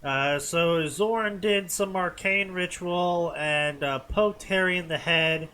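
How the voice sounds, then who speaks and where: A man reads fanfiction aloud in a slow, deadpan way and sums up the dull parts with "blah, blah." His voice is slightly high and bright. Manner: deadpan, dismissive, with many "blah, blah". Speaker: co-host reading fanfiction. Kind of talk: comedic reading and commentary.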